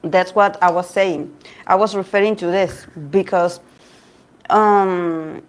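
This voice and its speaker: A woman host chatting casually about idol news, gossipy and quick to laugh, often restarting her sentences. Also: lowish voice, steady tone. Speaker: tarot reader and channel host. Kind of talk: casual chat reading live comments.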